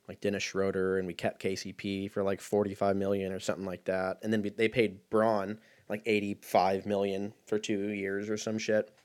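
A man in his thirties hosting a casual solo podcast, rambling in a laid-back, profane way with lots of fillers. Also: lowish voice. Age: 30s.

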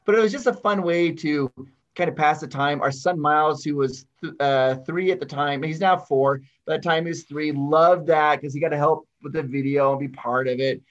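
A man's voice: a little high, normal speed, muffled recording. A man chatting casually as a podcast guest, telling stories with animation. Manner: animated storytelling. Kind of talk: casual chat.

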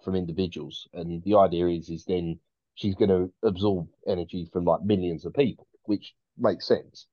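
A low-voiced man in casual podcast chat, often stumbling and restarting as he works through a thought. The sound is dull and dry, as from a cheap mic in a close space. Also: no echo. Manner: hesitant, restarts, thinks aloud. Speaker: podcast co-host.

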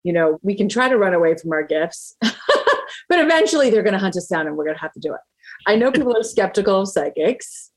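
A woman's voice: medium pitch, sing-song, a little fast. A woman hosting a casual interview, asking questions and sharing her own skepticism with laughing asides. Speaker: interview host.

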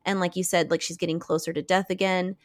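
A woman's voice: lowish voice, flat delivery, fast, dry recording, clean studio sound. A young woman in casual chat, eagerly retelling film scenes and acting out the characters' lines. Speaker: co-host discussing a film.

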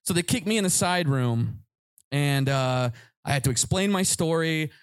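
Male podcast host, comic storyteller, fairly high voice with big swings in pitch, dry close sound. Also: moderate pace, clear, resonant tone, dry recording. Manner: animated, acts out voices in his anecdotes. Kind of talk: comedic storytelling before a live audience.

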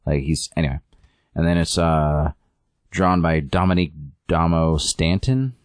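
A very deep-voiced man rambles through a casual chat, leaning on fillers and restarts. His voice sits close and dry on the mic, with no room sound around it. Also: a little slow, dry recording. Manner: rambling, filler-heavy, acts out quotes. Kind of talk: casual chat recapping a comic.

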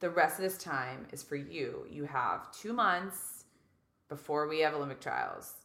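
A woman in her thirties, a guest casually telling a story, animated and acting out quotes, saying "like" a lot. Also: deep voice, a little slow, gravelly, echoey room. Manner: animated, acts out quotes, heavy use of "like".

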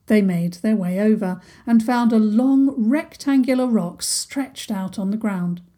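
A woman reads a children's story aloud in a gentle, unhurried way. Her voice is husky and mellow, and she speaks at a slow pace. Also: mid-range voice. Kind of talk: scripted children's story narration.

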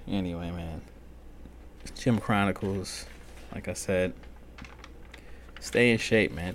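Profane rambling man, low voice. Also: unhurried, long pauses, slight background noise. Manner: profane, rambling, loose and animated. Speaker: podcast host. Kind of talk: casual solo rant.

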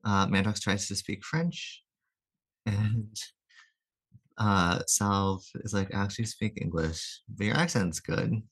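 A man co-hosting a podcast, casually recapping comic issues and slipping into quick quoted lines with chuckles. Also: lowish voice, fairly bright tone, husky. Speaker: podcast co-host.

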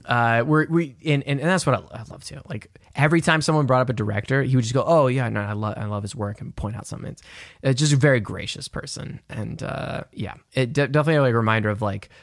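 Gravelly rambling podcast host. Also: male voice, medium pitch, fast, no echo, clean studio sound. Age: young adult. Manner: rambling, self-interrupting, joking. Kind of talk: casual podcast chat.

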